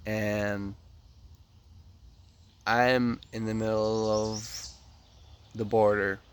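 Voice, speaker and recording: A man's voice: extremely slow, a little hiss or hum. A young man telling a story casually and animatedly, acting out the dialogue. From Ukraine. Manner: animated, acts out dialogue with rising pitch. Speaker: vlogger.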